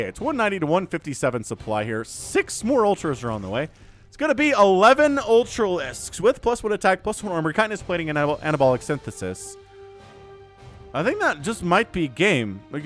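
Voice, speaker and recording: A man calls a strategy game match on his own, in an excitable play-by-play with jokey asides. His voice sits a touch high and swings up and down constantly. Faint music runs underneath. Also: fairly quick. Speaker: esports shoutcaster. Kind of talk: solo game commentary.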